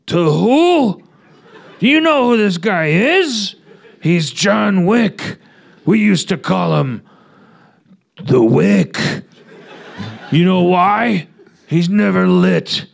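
A man's voice: high-pitched, expressive, drawn-out words, gravelly, long pauses, voice pushed up, full character voice. A man voicing a blustering older male crime boss who gives a boastful, theatrical warning.

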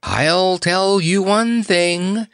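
Male narrator doing a high, sighing storybook bird, cheerful and lovestruck, slow and singsong. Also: wildly swooping pitch, a bit bright, no room sound, clean studio sound, heavily acted. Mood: chirpy, adoring. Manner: breathy, sighing and chirpy. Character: strange lovestruck pink-feathered bird creature, cheerful.

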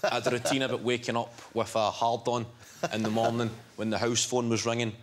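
A young man with a Scottish accent, telling dry, deadpan anecdotes as a comedian guest on a chat show. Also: medium pitch, brisk. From Scotland. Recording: loud background noise. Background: studio audience laughter.

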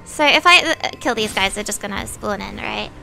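A woman streaming a game, giving casual, profane and excitable commentary. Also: mid-range voice, moderate pace, creaky, faint music behind.

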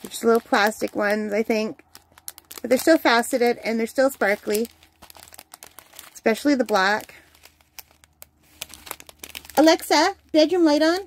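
A woman's voice: a little high, moderate pace, pauses often, a little hiss or hum. A woman hosting a crafting channel, chatting casually and enthusiastically at home while unboxing, with the hiccups. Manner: chatty, enthusiastic, easily delighted. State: has the hiccups.

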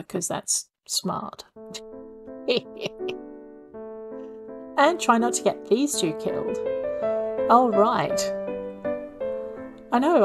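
Lady chatting thru her game, mid pitch, jokey and a bit self-mocking, talking to herself on a desk mic. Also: low-quality recording. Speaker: let's play gamer. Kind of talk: casual gameplay commentary.

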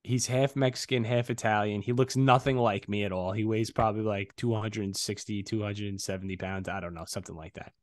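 A man co-hosting a podcast, telling a story in casual, profane, animated chat. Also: lowish voice, fairly quick, few pauses, no room sound, clean studio sound. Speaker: podcast co-host. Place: podcast studio.

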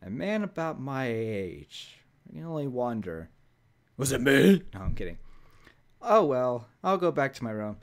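A man's voice: medium pitch, sing-song, measured pace. A man hosting a let's play, joking around and reading the on-screen text aloud. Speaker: gaming video host.

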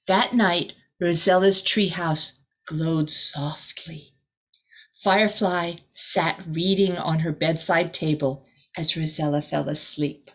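A woman reads a children's storybook aloud at a slow, unhurried pace. Her voice is soft and breathy, and she breaks off now and then with gentle asides to her young listeners. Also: lowish voice, steady tone. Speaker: volunteer teacher.

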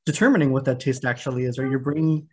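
A man's voice: medium pitch, fairly even intonation, fast, darkish tone, breathy edge. A man moderating an online panel, speaking in a thoughtful, academic way with frequent fillers. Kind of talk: panel discussion. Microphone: video call.

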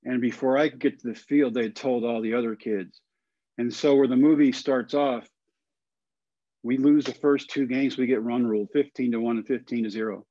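A man in his forties from Texas, a podcast guest telling a long personal story in a folksy, animated way and acting out the voices of the people in it. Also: medium pitch, moderate pace, no echo, highs cut off.

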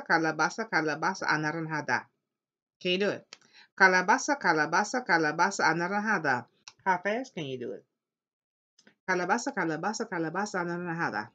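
A woman teaching an elementary Spanish class, slowly modeling words for students to repeat and cheering them on. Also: on the low side, expressive, sharp tone. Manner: upbeat and encouraging. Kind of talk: classroom language lesson. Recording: dull lo-fi classroom recording.

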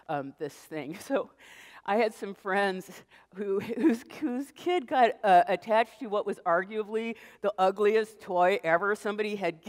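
A middle-aged American woman gives a public lecture in an animated, storytelling way. Her voice sits at an ordinary middle pitch, and she acts out small bits of dialogue as she goes. A long reverb from the lecture hall trails behind her words.

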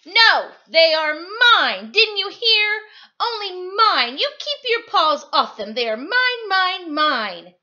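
A woman voicing a greedy, selfish male pug dog who shouts that the toys are his, in a read-aloud storybook. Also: very high voice, big pitch swings, takes it slowly, muffled recording, pitched above the performer's own voice, exaggerated voice. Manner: shouting, possessive.

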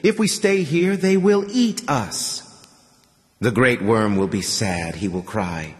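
A man's voice: lowish voice, animated, slow, big-room sound. A man voicing a young male captive who questions his captors tensely and urgently.

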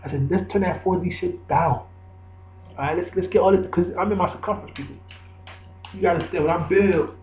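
A man's voice: sits high, steady tone, fast. A man giving a rambling, preachy spoken monologue, repeating himself for emphasis. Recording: echoey, dull lo-fi recording.

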